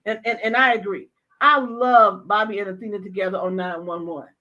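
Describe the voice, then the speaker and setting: A woman's voice: mid-range voice, steady tone, a little fast, pushed and bright. Woman host, casual and emphatic, repeats herself for effect; dull lo-fi audio. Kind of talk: casual chat.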